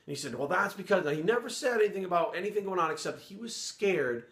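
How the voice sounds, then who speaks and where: A man's voice: high-pitched, lively intonation, fast talker, a bit bright. A middle-aged man from Rhode Island, a former police sergeant, telling a story in a blunt, heavily profane, casual way. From Providence, Rhode Island. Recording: roomy echo.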